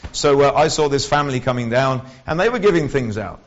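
Man, sermon, conversational, wry asides, restarts, mid pitch, dull lo-fi recording. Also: animated, a little fast. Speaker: lay preacher.

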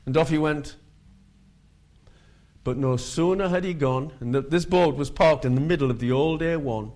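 A man preaching, telling street-evangelism stories in a lively way. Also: fairly high pitch, moderate pace. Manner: animated, acts out quoted voices. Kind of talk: sermon with storytelling.

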